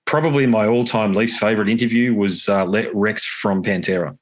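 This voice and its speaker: Male guest, low-pitched, chatty storyteller, easy laugh, casual interview. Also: fairly quick. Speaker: podcast guest, guitarist and podcaster.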